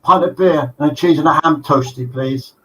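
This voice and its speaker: A man's voice: a little high, moderate pace, bright, forceful tone, distant mic, pitched above the performer's own voice, low-quality recording. A polite pub-going rabbit, as a man tells a joke. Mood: polite, fretful.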